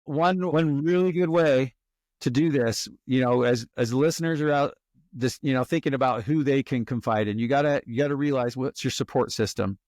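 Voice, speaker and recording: A man speaking as a guest expert on a podcast. He talks in a lively, storytelling way, acting out anxious inner thoughts to make his points. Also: medium pitch, normal speed, dry recording, studio quality. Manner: animated storyteller who acts out worried inner monologues. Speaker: guest, resilience expert and author. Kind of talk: conversational podcast interview.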